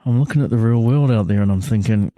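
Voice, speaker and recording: A man's voice: on the low side, quick pace, no echo. A man telling stories in a loose, rambling chat over a video call from a hotel room, laughing and restarting often. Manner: rambling, animated, lots of filler and laughs. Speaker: actor interviewed from hotel quarantine. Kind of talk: casual chat, storytelling.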